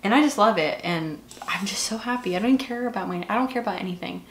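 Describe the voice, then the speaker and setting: A woman's voice: mid-range voice, fast, slight background noise. A woman in her twenties with a Southern US accent, chatting casually and gushing while doing her makeup, with lots of fillers. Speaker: beauty vlogger. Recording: echoey room.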